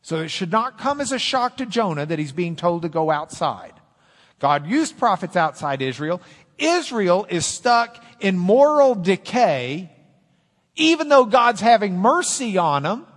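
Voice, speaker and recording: A man preaching a sermon, animated, quoting scripture in dramatic voices. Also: high voice, normal speed. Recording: long hall reverb.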